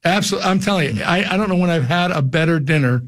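Older man telling animated stories. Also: fast. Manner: animated storyteller, jumps high for quoted shouts. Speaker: radio show guest and former coach. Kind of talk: casual storytelling chat. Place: radio studio.

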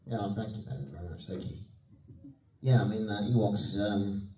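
A man's voice: lowish voice, unhurried, warm tone. A man telling chatty, self-deprecating stories as the guest actor on a convention panel, laughing often. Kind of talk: anecdotal panel Q&A. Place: convention hall. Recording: echoey hall, mic at a distance.

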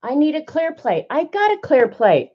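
A woman's voice: high voice, wildly swooping pitch, moderate pace, dull audio. A woman demonstrating a die-cutting and embossing machine to viewers, chatty and flustered as she thinks aloud. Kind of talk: casual craft demonstration to viewers.

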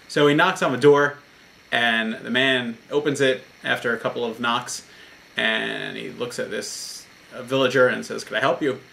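Earnest rabbi, man, explains a parable with a bright, forward voice. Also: medium pitch, steady tone, unhurried, creaky, slight background noise. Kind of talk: short Torah talk.

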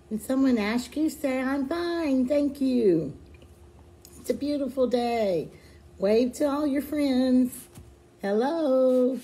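A children's librarian leading a sing-along storytime for babies, slow, sing-song and encouraging as she sings nursery rhymes and reads. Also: high voice, dark tone.

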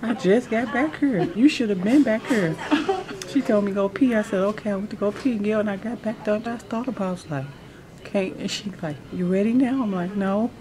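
A woman's voice: mid-range voice, a little fast, crowd noise. A nervous woman vlogging casually to a handheld camera at home and in a hospital pre-op room, chatty, slangy and laughing often. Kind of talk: casual vlog chat to camera.

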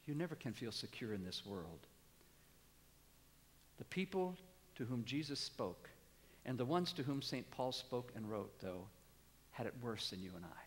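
A pastor in his sixties preaching a sermon, animated, climbing to emphatic peaks and dropping low. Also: normal speed, pauses often, slight background noise. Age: 60s. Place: church sanctuary. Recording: long church reverb.

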